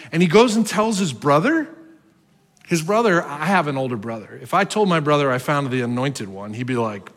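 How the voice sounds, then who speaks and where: A high-voiced man with a New Jersey accent preaches in a long-echoing hall. His pitch leaps and dips as he tells the story. He acts out quotes with a lively, playful delivery. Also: moderate pace. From North Jersey. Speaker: pastor. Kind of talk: sermon.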